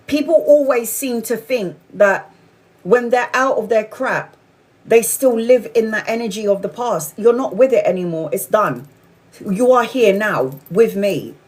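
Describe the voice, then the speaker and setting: A woman in her forties, hosting a casual spiritual livestream chat, telling candid stories with frequent swearing. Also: mid-range voice. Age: 40s. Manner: candid, swearing, animated storytelling. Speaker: tarot reader livestream host.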